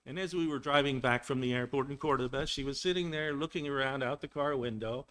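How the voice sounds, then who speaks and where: An older man from Texas with no regional accent, giving a casual talk in a webinar, rambling with many restarts and clearing his throat now and then. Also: mid-range voice, fairly quick, fairly bright tone. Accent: none, general American. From Texas, United States. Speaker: webinar guest speaker. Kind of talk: casual lecture. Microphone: video call.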